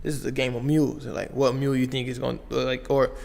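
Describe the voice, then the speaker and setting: A young man from Las Vegas speaks with a gravelly, fry-edged voice. He tells his story in a loose, slang-heavy way. A long reverb trails behind his words. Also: mid-range voice, fast talker. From Las Vegas, United States. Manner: slangy, animated retelling with frequent "like" and "bro". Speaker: podcast guest. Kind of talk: casual storytelling.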